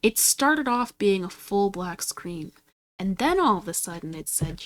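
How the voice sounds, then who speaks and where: There's no room sound as a woman with a fairly bright, medium-pitched voice speaks at a measured pace, though she's very animated. Streaming herself at her computer, she chats casually while gaming and swears at the game in frustration.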